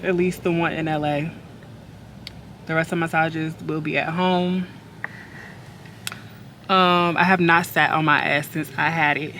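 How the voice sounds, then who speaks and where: A woman's voice: deep voice, little pitch movement, unhurried, long pauses, sharp tone. A young woman vlogging casually, candid and blunt, swearing freely as she talks to her viewers. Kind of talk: casual vlog diary. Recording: background noise.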